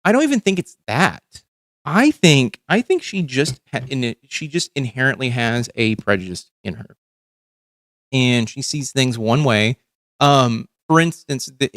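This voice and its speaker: Broadcasting a livestream from his home, a tired, overcaffeinated man rants through casual, profane commentary in a rambling, exasperated way. His voice is medium in pitch, and the recording is dry with clean studio sound.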